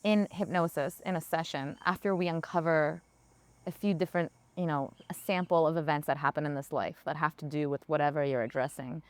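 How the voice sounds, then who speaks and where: A woman's voice: deep voice, steady tone, a little fast. A woman speaking as a podcast guest and hypnotherapist, talking in a casual, earnest and enthusiastic way. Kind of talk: casual interview conversation. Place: town in Costa Rica.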